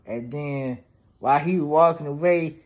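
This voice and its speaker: A man's voice: fairly high pitch, normal speed. Slangy man recapping a movie. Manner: slangy, profane, loose storytelling full of "damn, bro". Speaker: movie reviewer. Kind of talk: casual movie plot recap.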